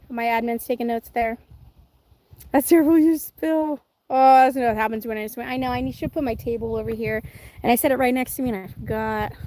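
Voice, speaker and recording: A woman with a high voice chats casually on a livestream outdoors. She is giggly and self-deprecating as she reads out viewer comments. The sound comes from a phone or camera set on a table. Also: a little mellow. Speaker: livestream host. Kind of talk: casual live chat, reading comments.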